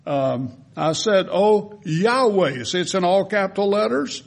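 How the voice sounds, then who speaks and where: A man's voice: high voice, animated, normal speed, creaky. A man with a Southern US accent preaching a sermon, reading scripture aloud and stopping to explain word meanings. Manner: explains word meanings between verses, reads prayers with rising intensity. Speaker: pastor.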